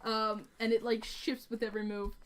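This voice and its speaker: Woman game master, casual rambling narration, many fillers, slightly high voice. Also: little pitch movement, moderate pace, a little hiss or hum.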